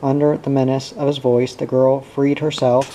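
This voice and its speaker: A man reads a novel aloud at a steady, unhurried pace. His voice is mellow and even, with little change in pitch. A faint hum stays in the background. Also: poor audio. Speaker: audiobook reader.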